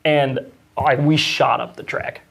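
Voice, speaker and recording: A man's voice: mid-range voice, steady tone, a little slow, creaky, a bit bright, breathy edge. A man co-hosting a casual studio update chat, dropping wry jokes and asides. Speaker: co-host of studio update show.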